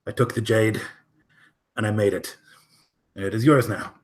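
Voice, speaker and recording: A young female orc, played by a man speaks in short, formal, earnest sentences at a tabletop game. The voice is low and close to his own. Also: moderate pace, natural voice.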